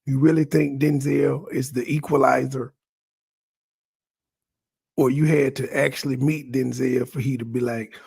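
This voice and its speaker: A man's voice: mid-range voice, little pitch movement, normal speed, gravelly, a little mellow, slightly rough, no room sound, studio quality. A man in an online voice chat, arguing bluntly and sarcastically as he reasons things out. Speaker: chat participant. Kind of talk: casual argumentative chat.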